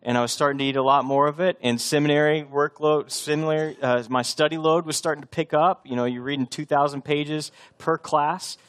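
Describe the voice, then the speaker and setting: A man's voice: fairly high pitch, steady tone, brisk, hardly any pauses. A man from Texas preaching a sermon in an earnest, conversational way, with restarts and direct challenges to the congregation. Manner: earnest, conversational preaching with bursts of coach-like shouting. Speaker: pastor.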